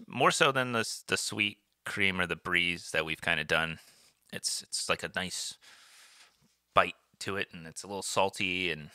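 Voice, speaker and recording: A man co-hosting a casual podcast, reading wine and cheese pairing notes in a laid-back way with many pauses and fillers. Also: fairly low pitch, sharp tone, no echo, clean studio sound. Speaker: podcast co-host. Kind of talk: casual chat.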